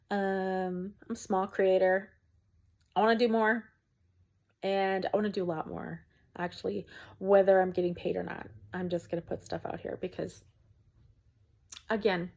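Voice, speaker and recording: A woman, a small content creator, talking to camera from home in an earnest, preachy rant with frequent ums. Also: medium pitch.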